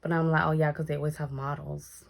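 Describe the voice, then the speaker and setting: A woman's voice: low-pitched, fast talker, creaky. A young woman telling a casual storytime vlog, acting out the voices in her story and swearing freely. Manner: animated, acts out quoted lines, swears casually. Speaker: storytime vlogger.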